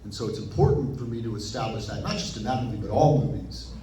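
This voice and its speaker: A man being interviewed as an actor guest, telling stories animatedly and acting out his own past thoughts in quick asides. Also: fairly low pitch, lively intonation, a crowd in the background. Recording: roomy echo, picked up from a distance.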